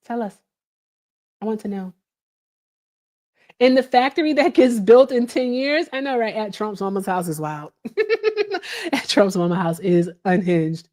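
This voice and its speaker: A woman in casual chat as a livestream host, animated and answering viewer comments as she talks. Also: fairly high pitch, a little slow, pauses often.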